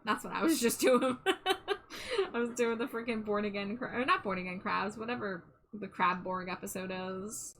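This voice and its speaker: A woman's voice: mid-range voice, steady tone, fairly quick, fairly bright tone, rough recording. A woman streamer chatting casually and a little self-deprecatingly as she draws live, often trailing off mid-thought. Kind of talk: casual live-stream chat while drawing.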